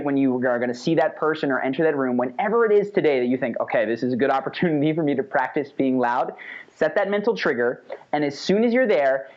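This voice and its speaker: A man teaching an online course in a casual, energetic way, sometimes demonstrating how his voice changes. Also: a little high. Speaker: course instructor. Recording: slightly dull lo-fi audio.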